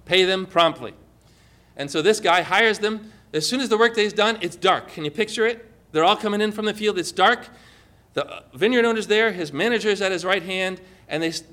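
Male pastor, animated storyteller, bright and high voice, sermon delivery. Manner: animated storytelling, rhetorical questions.

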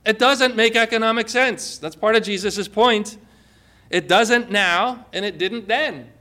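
High bright-voiced preacher guy, lots of questions to the crowd, super animated. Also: a little slow. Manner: animated storytelling, rhetorical questions. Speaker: pastor. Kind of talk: sermon.

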